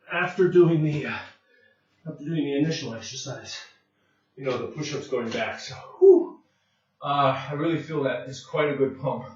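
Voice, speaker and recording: Man, home fitness instructor, winded mid-set, recorded on a distant camera mic in a boomy room. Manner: breathless, puffing between sets, many fillers. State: out of breath. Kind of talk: casual workout demonstration. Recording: very echoey room, distant mic, dull sound.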